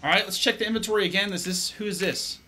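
A young man narrates his horror game play with a high, very bright voice. He startles easily, swears often and keeps talking to himself as he moves along. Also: quick pace. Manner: jumpy, swearing, talks to himself. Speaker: gaming YouTuber. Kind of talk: let's play commentary.

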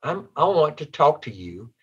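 A man's voice: on the high side, big pitch swings, moderate pace, fairly bright tone, breathy edge, dull audio, heavily acted. A man quoting a kind, earnest old retired woman teacher in his own voice.

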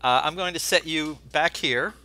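A man's voice: fairly high pitch, moderate pace, sharp tone, slight background noise. A man hosting an interview from his home over a video call, talking casually in a hesitant way, with lots of fillers and restarts. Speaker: interview host. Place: home in Florida.

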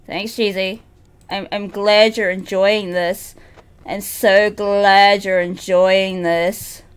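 A woman's voice: medium pitch, little pitch movement, slow pace, clean tone. A woman streaming a horror game, talking to her chat, jumpy and prone to shrieks and repeating herself. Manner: talks to chat. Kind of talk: live horror game commentary.

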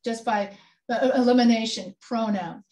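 Woman, writing instructor, fairly high voice, patient questioning, online class. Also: moderate pace, darkish tone. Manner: patient, quizzing students with questions.

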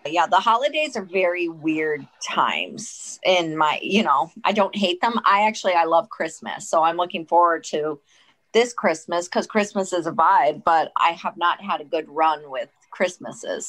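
Candid, expressive woman co-host. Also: on the low side. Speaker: podcast co-host. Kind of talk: casual chat.

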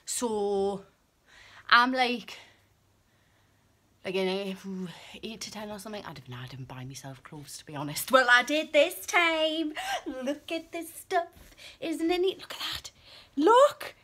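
A woman chatting on a casual vlog, excitable and cheeky, swinging between gushing and hushed asides. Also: on the high side, takes it slowly, pauses often. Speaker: vlogger.

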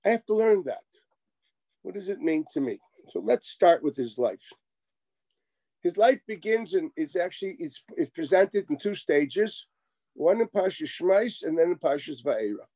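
A middle-aged man delivers a Torah lecture in a fairly high, mellow voice. He is animated and wry, acting out exchanges as he teaches. The sound is close and dry. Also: normal speed, dry recording. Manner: animated, wry asides, acts out quoted exchanges. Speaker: rabbi lecturing.

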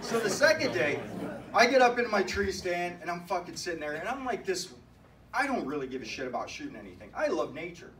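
A man's voice: high voice, big pitch swings, brisk, fairly bright tone. Profane man roasting a friend in an echoey hall. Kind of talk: roast speech to a crowd. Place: hall at a retirement party. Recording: echoey hall recorded from far off with crowd noise.

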